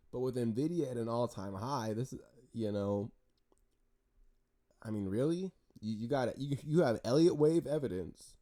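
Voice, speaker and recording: Guy with a mellow voice rambling through stock charts, lively, keeps restarting and cracking jokes. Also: lowish voice. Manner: animated and talkative, with frequent restarts and jokes. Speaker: stock market chart analyst. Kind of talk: casual market commentary over charts.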